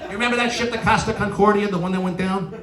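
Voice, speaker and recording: A man's voice: high-pitched, fairly even intonation, fast talker, a bit bright. A middle-aged man from New York with a New York accent, doing a stand-up comedy routine with exasperated rants and punchlines. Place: stage in a large venue with a live audience. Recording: roomy live hall from a distance, audience noise. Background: audience laughter and applause.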